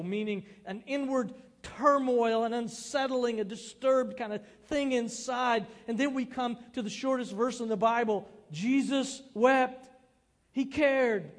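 A man preaching a sermon as pastor, expressive and acting out quoted lines. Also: very high voice, long reverb tail.

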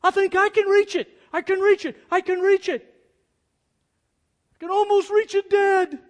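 A man's voice: very high-pitched, little pitch movement, normal speed, pitched above the performer's own voice. A man voicing an adventurer hero who speaks in urgent, commanding pleas. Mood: straining. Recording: long hall reverb.

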